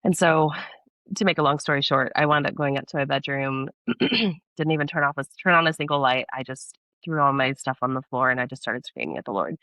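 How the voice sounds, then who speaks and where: Bright-voiced young woman telling her story. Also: very deep voice, a little fast, no echo. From Texas. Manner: earnest, animated, laughs often while telling her story. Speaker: podcast guest. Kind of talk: candid personal storytelling in casual interview.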